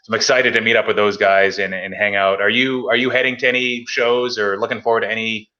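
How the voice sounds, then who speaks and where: A man's voice: lowish voice, fairly even intonation, fast talker, bright, forceful tone, muffled recording. A man from Massachusetts hosting a casual hobby chat, telling stories and acting out quoted phone calls. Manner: chatty storyteller, acts out quoted phone calls. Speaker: podcast host.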